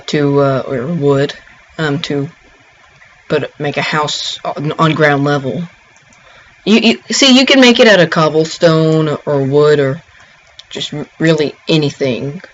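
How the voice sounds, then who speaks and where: A man giving a casual gameplay tutorial, rambling and halting, with frequent ums and restarts. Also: fairly high pitch, steady tone, a little hiss or hum. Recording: dull lo-fi home recording.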